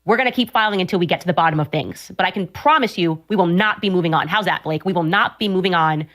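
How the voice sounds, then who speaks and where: A woman's voice: on the low side, quick pace, fairly bright tone. A woman hosting an opinionated commentary show, talking in a sarcastic, combative way. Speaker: host.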